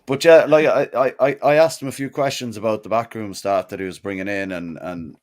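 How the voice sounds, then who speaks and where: A man's voice: lowish voice, steady tone, fairly quick. A man co-hosting a football podcast, setting out his points at length in an earnest, casual way. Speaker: podcast co-host.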